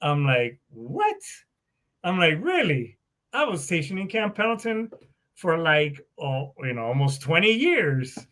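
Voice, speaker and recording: Profane, animated middle-aged man. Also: on the high side, moderate pace. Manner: profane, animated, acts out both sides of conversations. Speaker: podcast host. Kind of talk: casual storytelling monologue.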